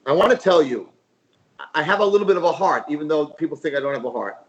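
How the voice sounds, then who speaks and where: A man's voice: on the high side, expressive, fast, muffled recording, close to an everyday voice. A man voicing the Satan as a mean, taunting angel in a spoken parable. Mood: confiding. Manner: taunting, scornful.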